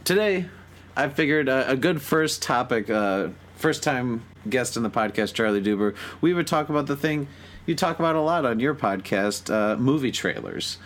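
Lively podcast host man, chatty. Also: mid-range voice, moderate pace. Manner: chatty, laughing, filler-heavy. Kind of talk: casual podcast chat.

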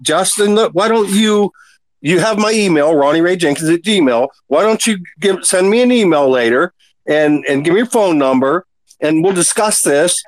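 A slightly high-voiced man chats casually on an online group call. He speaks plainly, with short agreeing replies. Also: lively intonation, moderate pace, dry recording. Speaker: caller.

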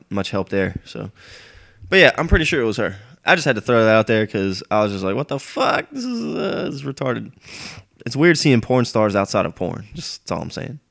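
A man's voice: lowish voice, a bit bright. A young man who is sick and sniffling, hosting a casual solo rant in a profane, griping, rambling way. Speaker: podcast host.

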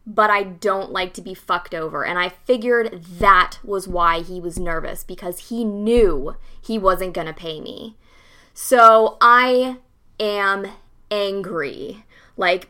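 A woman's voice: medium pitch, bright, forceful tone. A young woman bluntly recounting a personal story in a casual interview, candid and swearing freely. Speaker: interview guest.

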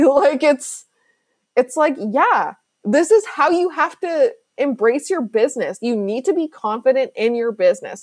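A chatty woman hosting her own podcast, talking business coaching in a loose, slangy way with lots of "like." Her voice sits a little high, and the sound is close and dry with no room around it. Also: dry recording. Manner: chatty, fillers like "like", slangy and emphatic. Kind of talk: casual solo podcast talk.

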